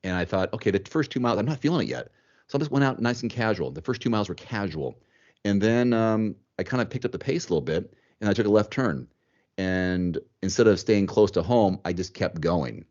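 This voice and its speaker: A man hosting a podcast in casual chat, animated, thinking aloud and repeating words as he goes. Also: fairly low pitch, fairly quick, lo-fi sound. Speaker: podcast host.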